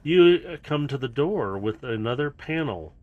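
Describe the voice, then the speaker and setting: A man running a tabletop game as its game master, narrating scenes casually and with a storyteller's ease. His voice sits at an ordinary middle pitch for a man. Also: animated, normal speed, darkish tone, dull audio.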